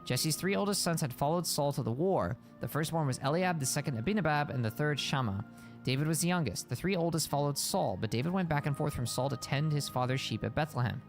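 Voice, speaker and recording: Man, Bible reading with casual commentary, brisk pace, soft music behind. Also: a little high, lively intonation. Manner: reads aloud then explains casually.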